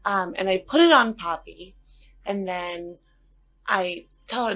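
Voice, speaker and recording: A woman player in a tabletop game, calmly describing her character's actions. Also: mid-range voice, takes it slowly.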